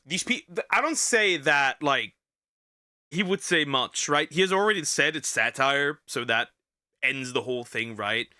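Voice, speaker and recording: A man's voice: fairly high pitch, unhurried, no room sound, clean studio sound. A man hosting a video reaction, talking casually and sarcastically and often tripping over his words. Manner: lively, sarcastic, stumbles and repeats himself. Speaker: VTuber host reacting to a video.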